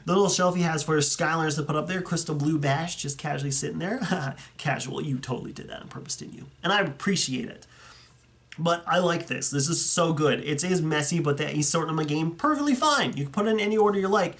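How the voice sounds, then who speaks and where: An enthusiastic young man with a fairly high voice, talking loosely and excitedly, often stopping to correct himself mid-sentence. His speech is casual and unscripted, like a friendly video commentary. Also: quick pace. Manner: chatty, enthusiastic, rambling with self-corrections. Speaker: YouTuber reviewing fan collections. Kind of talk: casual commentary over viewer photos.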